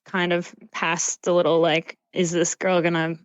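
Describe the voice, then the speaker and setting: Young canadian woman on a call, talks animated, says like a lot, muffled dry sound. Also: lowish voice, a little slow, dry recording. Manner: animated, laughs often, heavy use of "like". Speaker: podcast guest. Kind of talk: casual chat. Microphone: remote call mic.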